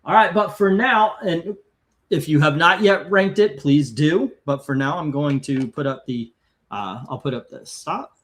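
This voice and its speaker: Higher-voiced man hosting a live stream. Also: a little slow, fairly bright tone. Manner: reads out viewer comments and scores, chatty. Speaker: host of a live comic-cover ranking stream. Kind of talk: casual live-stream chat.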